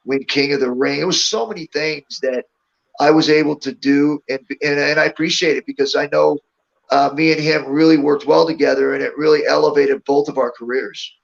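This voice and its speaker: A middle-aged man with a fairly high, gravelly voice tells stories casually and laughs along as he talks. The sound is dull and lo-fi, like a remote call. He is a guest being interviewed. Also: fairly even intonation, brisk. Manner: laughs often while telling stories. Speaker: interview guest, former wrestler. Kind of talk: casual storytelling.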